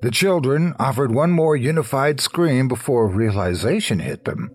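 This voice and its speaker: A man narrating a scripted horror story in a slow, low, hushed storytelling manner. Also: lively intonation, a little hiss or hum.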